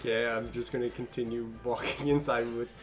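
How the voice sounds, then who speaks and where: A man plays a tabletop game in a casual way, often asking how the scene stands. His voice is mid-pitched, with faint music behind. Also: little pitch movement, moderate pace. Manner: casual, questioning. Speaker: player.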